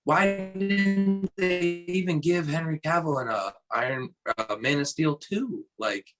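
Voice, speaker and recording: A man's voice: fairly high pitch, a little slow, a bit bright, soft background music, low-quality recording. A man who is a podcast guest, chatting casually, asking questions and laughing easily. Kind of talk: casual chat.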